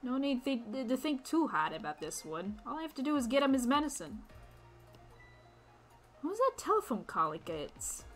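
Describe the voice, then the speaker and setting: A woman's voice: high voice, very animated, moderate pace, faint music behind. A woman streamer chatting casually over gameplay, laughing and correcting herself. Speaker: game streamer.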